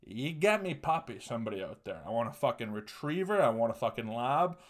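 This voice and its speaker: A man's voice: medium pitch, sing-song, a little fast. Profane young man telling a story. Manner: profane, laughing often, loose and rambling. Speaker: podcast host telling a story. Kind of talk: crude casual storytelling.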